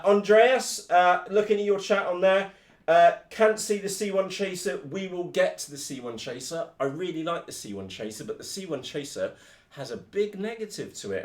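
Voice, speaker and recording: A British man from the United Kingdom hosting a live stream about his radio-controlled models, blunt, energetic and full of slang. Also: a little high, roomy sound. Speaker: RC hobby video host. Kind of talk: casual live-stream chat.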